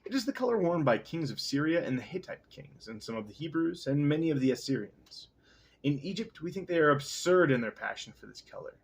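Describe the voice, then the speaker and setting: A man voicing a playful yet menacing male pharaoh in a casual read-aloud of a novel, with a husky, lively voice. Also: fairly high pitch, fairly quick, exaggerated voice. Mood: lecturing.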